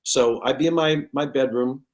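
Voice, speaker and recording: A man's voice: medium pitch, normal speed. A man in his sixties, a show host, telling anecdotes in casual chat and slipping into other people's voices as he goes. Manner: animated storyteller who slips into other people's voices.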